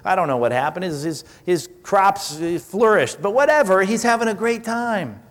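A man's voice: sits high, normal speed. A man preaching a sermon in a conversational way, asking the congregation questions and acting out what people in the passage say. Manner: conversational preaching with rhetorical questions and animated acted-out quotes. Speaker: pastor. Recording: long hall reverb.

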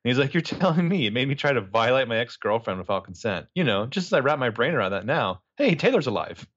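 A man casually retells a TV episode, jumping into the characters' voices as he goes. His voice swings widely in pitch, and the recording sounds dry and a little dull. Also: fast talker, no echo. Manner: animated, acts out characters' lines with profanity. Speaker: podcast co-host recapping a TV episode. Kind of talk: casual chat.

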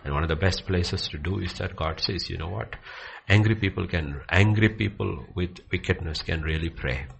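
Gravelly low-voiced man preaching with passion. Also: normal speed, hardly any pauses, slight background noise. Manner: swings between hushed near-whispers and loud excited bursts. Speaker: Bible teacher. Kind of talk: impassioned preaching in conversation.

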